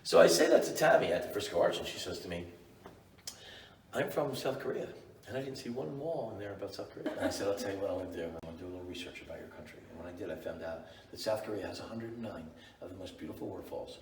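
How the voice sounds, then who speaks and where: A man giving a guided walking tour of his painted rooms, an enthusiastic and animated storyteller. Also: low-pitched, fast, a little hiss or hum. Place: indoor building hallways and rooms. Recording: roomy echo, distant mic.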